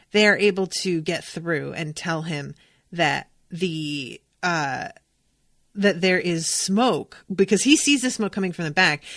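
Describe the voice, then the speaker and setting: A woman hosting a podcast, chatting about a TV episode in an excitable way, swearing freely and acting out the characters' lines. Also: lowish voice, no room sound, studio quality. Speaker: podcast host recapping a TV episode. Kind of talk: casual chat.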